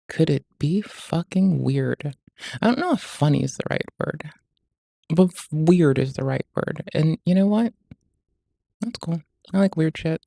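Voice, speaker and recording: A rambling, sweary streamer talks loosely over the videos they react to, forever interrupting themselves. The voice is dark and gravelly, and it sits dry and close on a desk mic. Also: medium pitch, a little slow, no echo. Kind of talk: casual reaction chat.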